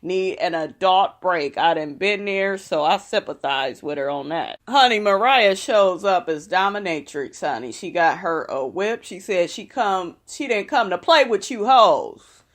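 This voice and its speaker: A woman's voice: on the low side, lively intonation, measured pace. A young woman, casually recapping a reality show in a sassy, profane, chatty way.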